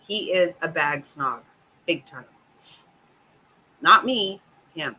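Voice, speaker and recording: Brief: middle-aged woman host, bright voice, swearing, exasperated casual chat. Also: low voice, animated, extremely slow, husky, poor audio. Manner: profane, exasperated, laughing often.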